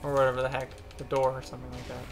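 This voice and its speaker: A man's voice: medium pitch, monotone, very fast, faint music behind. A man co-hosting a casual let's-play, teasing his friend and giving game tips. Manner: teasing, dry needling. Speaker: co-host.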